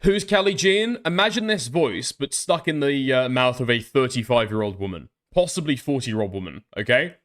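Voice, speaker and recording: A man riffing through a reaction stream with biting sarcasm and plenty of swearing. His pitch sits mid-range but bounces around with a lot of expression. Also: expressive, normal speed, few pauses, fairly bright tone. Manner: sarcastic, profane, musing aloud. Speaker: stream commentator. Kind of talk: reaction commentary.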